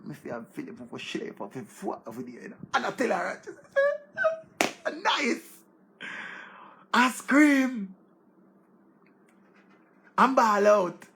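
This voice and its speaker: Excitable Jamaican man with a gravelly voice. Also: sits high, measured pace, pauses often, slight background noise. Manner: excitable, exclaims and repeats words. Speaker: online show host. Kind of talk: casual commentary in Patois-laced English.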